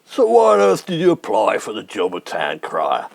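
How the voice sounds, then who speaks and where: A man's voice: fairly low pitch, wildly swooping pitch, moderate pace, creaky, dry recording, full character voice. A man voicing an exasperated, blustering middle-aged man, indignant and sarcastic, in a comic sketch impression.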